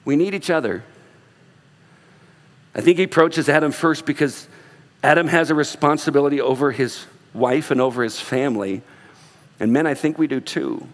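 A man with a notably high voice preaches a lively sermon to his church. He shifts his tone to act out the people he quotes. His words ring out with the long reverb of a large hall. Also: normal speed, pauses often. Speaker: pastor.

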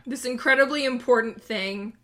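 A woman's voice: on the high side, moderate pace, fairly bright tone. Young woman co-host with a dry, skeptical take in casual chat. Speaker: podcast co-host.

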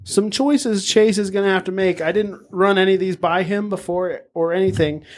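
A man's voice: high voice, normal speed. A man hosting a casual podcast, joking and swearing as he runs a game for his friends. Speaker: podcast host running a game. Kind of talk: casual chat.

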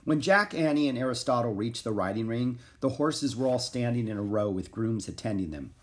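Guy reading a kids book out loud, lots of ups and downs in his voice. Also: medium pitch, a little fast. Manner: expressive, animated storytelling. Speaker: narrator. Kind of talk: children's audiobook reading.

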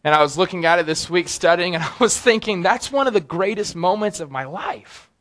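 A young male preacher with a bright, high-pitched voice and a loose, chatty delivery. His talk swings from quiet asides to excited bursts, as if sharing a story with friends from the pulpit. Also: brisk. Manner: animated, excitable, conversational. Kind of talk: sermon.

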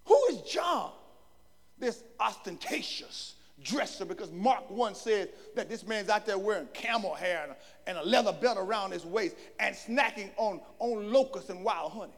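A man preaching a sermon with emphatic delivery, often breaking into shouts. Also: sits high, animated, measured pace. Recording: long hall reverb.

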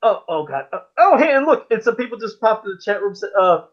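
A man co-hosting a casual podcast chat over a remote call, animated and self-conscious. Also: sits high, fast talker. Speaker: podcast co-host. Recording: dull lo-fi remote audio.

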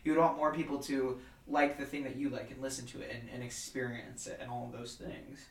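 A man's voice: medium pitch, level tone, brisk. A man chatting casually on a podcast, rambling and hesitant with many fillers. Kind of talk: casual conversational chat. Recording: roomy sound from a distance off the mic.

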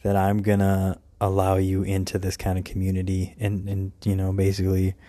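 Deep-voiced guy co-hosting a podcast, chill and thoughtful, dry close mic. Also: brisk, no room sound. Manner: calm, reflective, with agreeing interjections. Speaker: podcast co-host. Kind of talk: casual conversation.

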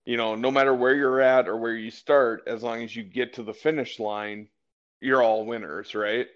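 A man's voice: medium pitch, steady tone, moderate pace. A man co-hosting a casual political chat show, talking in a rambling way full of fillers and restarts. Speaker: podcast co-host. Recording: slightly dull lo-fi audio.

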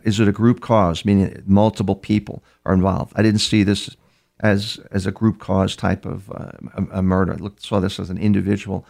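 Older male guest, gravelly and low-pitched, halting storyteller who repeats words and acts out the dialogue. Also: a little mellow. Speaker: criminal profiler interviewee. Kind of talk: storytelling interview answers.

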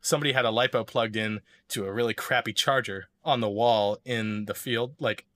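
A man's voice: medium pitch, steady tone, normal speed, a bit bright. A man telling a story in casual chat, rambling with lots of fillers and restarts.

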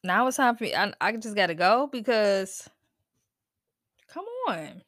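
A woman rants alone on her podcast, blunt and full of profanity. She fires off disbelieving questions in a voice of middling pitch. The close mic sounds dry, with no room around it. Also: expressive, measured pace, a bit bright, no room sound. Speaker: podcast host. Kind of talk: casual solo podcast rant.

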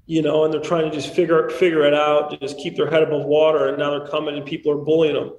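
A man's voice: fairly high pitch, level tone, quick pace, darkish tone, slight background noise. A man in his thirties, a podcast guest, telling stories in a candid, rambling way full of fillers. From Missouri small town. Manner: candid, rambling storyteller with many likes. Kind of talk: casual chat. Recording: roomy remote call audio with faint background.

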